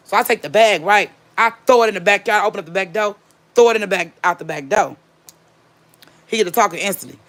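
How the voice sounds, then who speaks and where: A woman's voice: mid-range voice, lively intonation, fast talker, fairly bright tone. A woman from the Gary, Indiana area telling a personal story in a chatty, emphatic way, repeating key phrases. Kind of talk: casual storytime.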